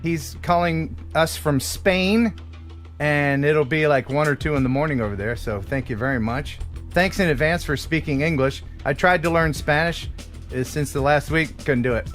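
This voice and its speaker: A man hosting a live online show about drones, chatting casually and joking, with loud animated greetings. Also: a little high, moderate pace, faint music behind. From United States. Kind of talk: casual live-stream chat.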